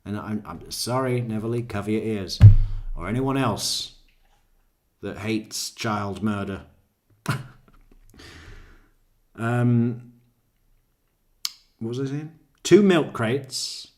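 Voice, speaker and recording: A man's voice: fairly low pitch, expressive, slow, pauses often, a little mellow. A man giving casual, profane, rambling commentary on court footage, laughing at his own jokes. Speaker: true crime commentary host.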